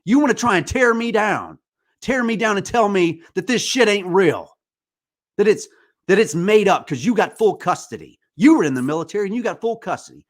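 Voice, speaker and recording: A podcast host in his forties pours out an angry, impassioned monologue, swearing often. His voice sits high for a man. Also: expressive, moderate pace. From United States. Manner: angry, profane ranting.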